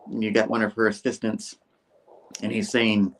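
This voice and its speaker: A man's voice: fairly low pitch, monotone, moderate pace, low-quality recording. A man co-hosting a casual show, loosely retelling a comic story with lots of fillers. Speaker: co-host reading a comic aloud. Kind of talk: casual podcast chat, recapping a comic.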